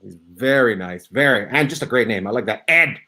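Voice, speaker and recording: A man's voice: mid-range voice, lively intonation, brisk, sharp tone. A man hosting a comedy panel game, teasing his guests with mock outrage. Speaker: host. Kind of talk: playful game-show banter.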